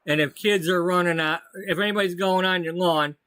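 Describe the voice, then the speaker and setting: A man's voice: high voice, fairly even intonation, brisk, bright, forceful tone, no echo. A man giving casual, rambling commentary as he plays a life-sim game. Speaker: let's play host.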